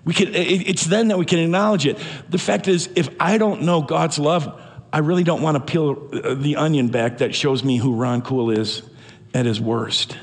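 A man's voice: fairly high pitch, steady tone, moderate pace, long reverb tail. A man preaching a sermon as pastor, earnest and emphatic, often restarting his phrases.

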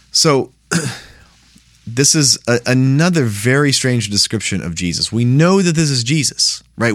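A man's voice: lowish voice, dry recording, clean studio sound. A man teaching a Bible study in a plain, conversational way, often checking in with "right?".

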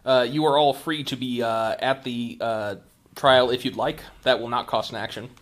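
A man with a Midwestern accent runs a tabletop game as game master, speaking at a mid pitch. He narrates and keeps the rules moving in a relaxed, wry way. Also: moderate pace. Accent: Midwestern American.

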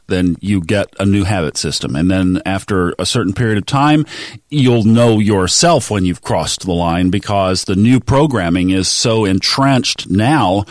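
A man's voice: on the low side, no echo, studio quality. A man hosting a motivational podcast, coaching listeners earnestly and acting out their inner voices. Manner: earnest, coaching, acts out quoted self-talk. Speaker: podcast host.

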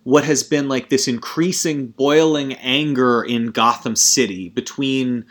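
A man's voice: mid-range voice, measured pace. Rambling, swearing young man. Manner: rambling and profane, frequent self-interruptions. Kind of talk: casual movie rant.

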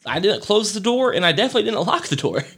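A man mimicking his partner as a puzzled young woman, high and defensive. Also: big pitch swings, fast, a bit bright, slightly rough, full character voice.

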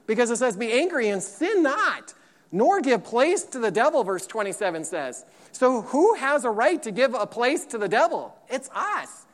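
A man preaching a sermon as pastor, emphatic and lively, repeating points and acting out quotes. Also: extremely high pitch, moderate pace. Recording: long hall reverb.

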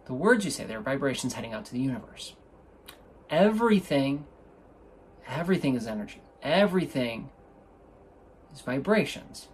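A man's voice: medium pitch, very animated, a little fast, long pauses, slight background noise. A man hosting a podcast, chatting casually and enthusiastically, rambling and often restarting his sentences, recorded on a microphone in an indoor room. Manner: enthusiastic, rambling, self-interrupting. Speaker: podcast host. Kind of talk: casual solo podcast talk. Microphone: studio microphone.

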